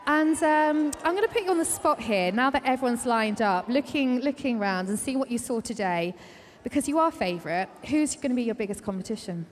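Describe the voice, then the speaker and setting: A high-pitched woman reporter chats with athletes in a bubbly, teasing manner. Her voice rings out with the long reverb of a big indoor arena. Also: expressive, fairly quick. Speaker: trackside reporter. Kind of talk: sports interview.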